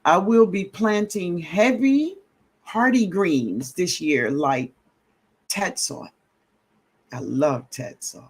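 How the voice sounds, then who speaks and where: Slow gravelly man chatting on a livestream. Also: high-pitched, animated. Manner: drawling, greets viewers as baby, laughs often. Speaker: livestream host. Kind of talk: casual live-stream chat reading comments.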